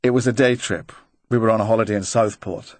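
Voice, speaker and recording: A narrator voices a guarded young agent in his twenties, curt and short-tempered, who pitches his lines a touch higher. The sound is close and dry. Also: steady tone, fast, no echo, lightly acted. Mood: guarded, impatient. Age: 20s.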